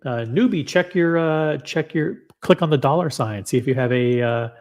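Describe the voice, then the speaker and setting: A man's voice: fairly high pitch, normal speed, a little mellow. A man hosting a casual livestream, talking straight to viewers in an upbeat way. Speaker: livestream host.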